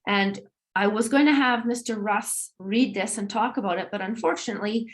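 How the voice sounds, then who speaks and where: A woman's voice: medium pitch, normal speed. A middle-aged woman on a video call, presenting a school assembly in an upbeat, encouraging way. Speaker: school administrator hosting an assembly.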